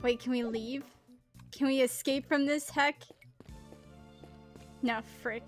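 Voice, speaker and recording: A woman streamer reads a game aloud and breaks in with casual, mildly cussing asides. Her voice sits high. Faint game music plays underneath. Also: steady tone, slow pace. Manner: casual asides, mild swearing. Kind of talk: let's play commentary and reading aloud.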